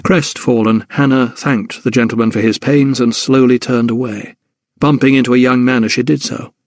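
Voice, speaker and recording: Clean studio sound with no echo carries a man narrating an audiobook from a script. His voice sits in the mid-range, and his storytelling stays even and measured.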